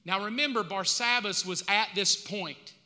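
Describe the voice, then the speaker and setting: An American pastor with a high, sharp voice preaches a sermon at normal speed, keeping it casual and colloquial with slangy asides. A large hall gives the recording a long reverb.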